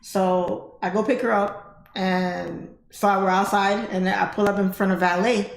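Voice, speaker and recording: A woman's voice: medium pitch, steady tone, a little slow, creaky, a little hiss or hum. A woman hosting a livestream, telling a story in a casual, chatty way and laughing often. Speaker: trading livestream host. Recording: roomy echo.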